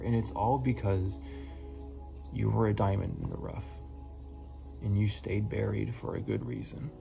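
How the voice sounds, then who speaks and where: A man's voice: lowish voice, unhurried, gravelly, pauses often. A man who works as a spiritual healer, giving his viewers an earnest, encouraging message with repeated words and casual swearing. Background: music playing.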